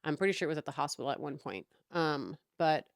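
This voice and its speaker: A woman's voice: sits low, very animated, quick pace, creaky, no room sound, studio quality. A young adult woman hosting a podcast, telling a long story in an exasperated, sarcastic and profane way. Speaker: podcast host. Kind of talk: casual storytelling rant.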